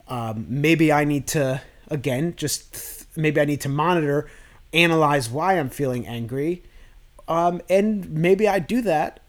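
A man with a somewhat high-pitched voice hosts a self-improvement podcast. He thinks out loud in a loose, rambling monologue, often restarting his sentences. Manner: rambling, with frequent restarts and fillers. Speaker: podcast host.

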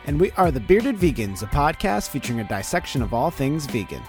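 A man co-hosting a podcast in casual chat, playful and quick to laugh, just woken up and without coffee yet. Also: a little high, big pitch swings, over music. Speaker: podcast co-host.

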